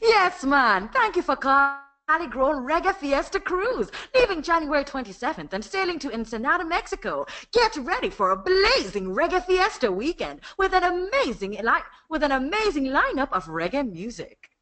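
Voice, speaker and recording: A woman's voice: moderate pace, hardly any pauses, full character voice. Woman putting on a hyped Jamaican radio announcer. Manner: lively hyped sales pitch. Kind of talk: radio ad demo.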